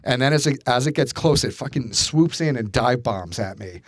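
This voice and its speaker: Swearing, animated male podcast storyteller. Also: medium pitch, normal speed, dry recording. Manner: animated storyteller, swears freely, mimics his own panic. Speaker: podcast co-host. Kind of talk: casual chat.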